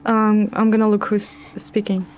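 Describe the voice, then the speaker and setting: A woman's voice: medium pitch, level tone, normal speed, darkish tone. A woman casually chatting as a player in a tabletop game.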